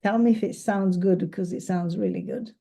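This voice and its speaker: Enthusiastic woman photographer talking casually at an event, mid pitch, laughs easy. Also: steady tone, brisk, vocal fry, warm tone. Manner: chatty, enthusiastic, laughs easily. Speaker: professional photographer presenting. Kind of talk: casual presentation and Q&A. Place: event space.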